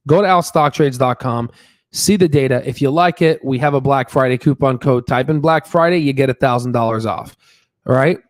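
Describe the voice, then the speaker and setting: A man's voice: mid-range voice, brisk, no room sound. Emphatic man, dry close sound. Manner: emphatic, repeats words, many fillers and tag questions. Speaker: stock market channel host. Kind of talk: casual stock analysis talk.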